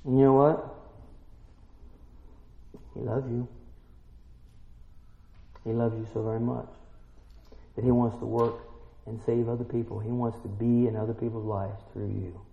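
A man's voice: mid-range voice, unhurried, gravelly, long pauses. Man, pastor, sermon, emphatic rhetorical questions, roomy church, muffled recording. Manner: emphatic, asks many rhetorical questions, builds to excited peaks. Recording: roomy church, dull lo-fi sound.

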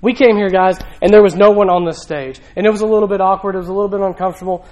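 A man's voice: sits high, fairly even intonation, very fast, a little mellow, lo-fi sound. A male pastor preaching a sermon in a church, talking conversationally with rhetorical questions and emphatic repetition.

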